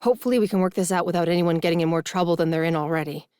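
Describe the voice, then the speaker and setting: A woman voicing a calm adult man, a school director, speaking in a measured, placating way. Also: on the low side, smooth, dry recording, studio quality, close to an everyday voice.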